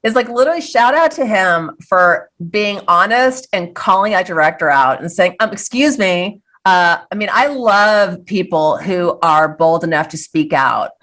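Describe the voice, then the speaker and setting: A woman's voice: fairly low pitch, lively intonation, moderate pace, few pauses, a bit bright. A middle-aged woman speaking as a guest in a casual interview, earnest and reflective, often restarting her sentences. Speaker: guest, filmmaker.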